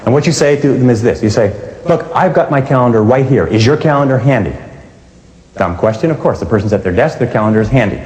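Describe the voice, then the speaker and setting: Male sales trainer, quick and emphatic, acting out phone calls; echoey hall recording. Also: mid-range voice, lively intonation, darkish tone. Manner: emphatic, acts out phone dialogues. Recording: echoey hall with long reverb.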